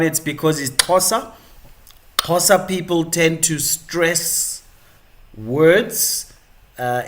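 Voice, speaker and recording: A male live-stream host giving chatty, rambling commentary with many fillers and restarts. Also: fairly high pitch.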